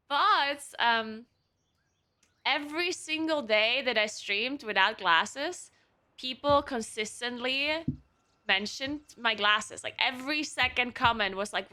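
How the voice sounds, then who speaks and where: A woman live streamer talks casually to her viewers from home, her cats nearby. Her voice is bright and a little high, and she laughs often as she chats. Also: takes it slowly. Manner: chatty, laughs often between remarks.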